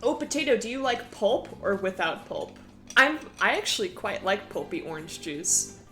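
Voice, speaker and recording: A woman's voice: medium pitch, very animated, normal speed, a bit bright, soft background music. A woman chatting casually with viewers on a live stream, playful and giggly.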